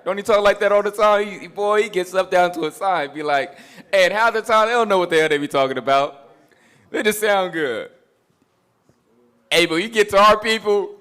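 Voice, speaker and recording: A man's voice: high-pitched, moderate pace, fairly bright tone, clear, resonant tone. A man preaching a sermon that mixes scripture with street talk, emphatic and repetitive, with mocking asides.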